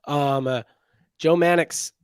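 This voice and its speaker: Man, podcast co-host, casual sports chat, slightly high pitch, dry sound, jokey. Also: steady tone, slow pace, clean tone, no room sound. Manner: chatty, jokey, reads out chat names.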